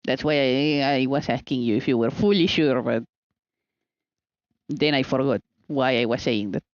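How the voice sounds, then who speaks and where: A woman's voice: a bass voice, normal speed, dry recording, lo-fi sound. A woman streamer chatting casually while she bakes, playful and teasing with exasperated asides.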